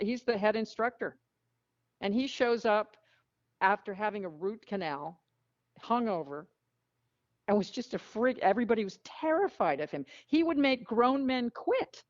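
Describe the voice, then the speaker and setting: A woman tells frank, animated stories as an interview guest, blunt and lively in her delivery. The recording is muffled and lo-fi. It is also very dry, with no room sound. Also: mid-range voice, moderate pace, no echo. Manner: animated, frank storyteller who acts out quotes. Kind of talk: storytelling in a casual interview.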